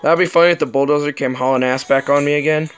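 Excitable cursing gaming commentator man. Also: fairly high pitch, quick pace, clean tone, soft background music. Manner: excitable, profane, joking. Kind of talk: let's play commentary.

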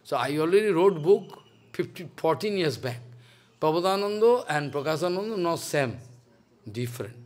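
Guy preaching, high voice, super animated storytelling. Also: normal speed. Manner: animated, dramatic retelling in broken English. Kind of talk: sermon storytelling.

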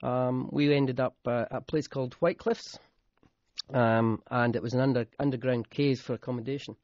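A man's voice: medium pitch, fairly even intonation, darkish tone, dry recording. Easygoing Scottish man on radio. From Scotland, Highlands. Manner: easygoing, chuckling, halting. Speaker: guest, accommodation ratings manager. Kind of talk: radio interview. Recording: dull dry radio studio sound.

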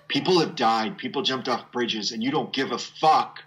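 A man's voice: medium pitch, moderate pace, hardly any pauses, a bit bright, lo-fi sound. A man bantering as a scene partner on a call, teasing with profane mock anger and playful jokes. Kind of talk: joking improvised banter.

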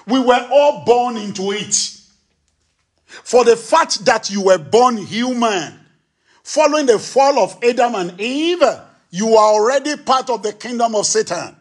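A man's voice: high-pitched, lively intonation, unhurried. A male preacher delivering a sermon, emphatic, asking rhetorical questions and acting out quotes.

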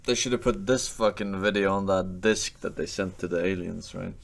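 A man's voice: low voice, normal speed, gravelly. A man streaming and commenting casually, offhand and drawling, with frequent swearing.

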